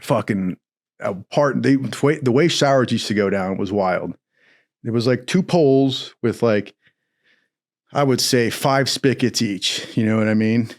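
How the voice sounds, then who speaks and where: A young man spins a loose, rambling story, peppering it with curses and bursts of laughter. His voice sits at a middling pitch, animated and casual. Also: a little slow.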